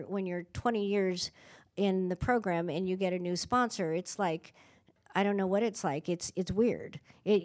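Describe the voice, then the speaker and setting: A middle-aged woman giving a candid, self-mocking personal share at a recovery meeting, often restarting her sentences. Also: medium pitch.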